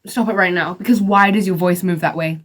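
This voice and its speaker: A woman's voice: on the low side, fairly even intonation, fairly quick. A young woman ranting to her followers in a casual vlog, blunt and sassy, swearing freely and filling her talk with "like". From outside the United States. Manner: blunt, sassy, profane, lots of "like" fillers. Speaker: vlogger. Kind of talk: casual opinionated rant to camera.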